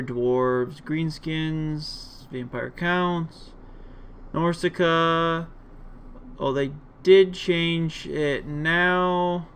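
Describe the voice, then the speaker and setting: Slow-talking man doing game commentary. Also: fairly high pitch, smooth. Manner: relaxed, many fillers, rambling. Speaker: gaming video host. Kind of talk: casual gameplay commentary.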